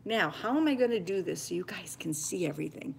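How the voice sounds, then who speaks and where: Cooking in her home kitchen, an older homestead vlogger talks homily to her live-stream audience. She speaks quickly and expressively in a lowish, creaky voice, occasionally sinking to a near whisper. A little hiss or hum can be heard.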